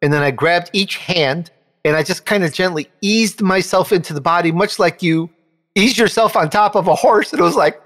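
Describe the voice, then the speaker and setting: Telling a personal story in an interview, this male show host is animated and raises his pitch sharply when he quotes people. He speaks at a moderate pace with a long reverb tail on the audio.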